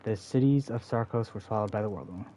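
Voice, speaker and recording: A man's voice: fairly low pitch, fast, warm tone, natural voice. A man reading aloud the lines of a proud, bitter forest seer who is a mother, in a stern, defiant, dismissive manner. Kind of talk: reading game dialogue aloud.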